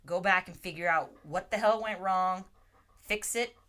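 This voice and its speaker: A woman hosting a casual livestream, answering chat in a slow, halting way with frequent restarts. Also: lowish voice, pushed and bright. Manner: slow, halting, restarts often, talks to her dog between comments. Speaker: livestream host reading chat.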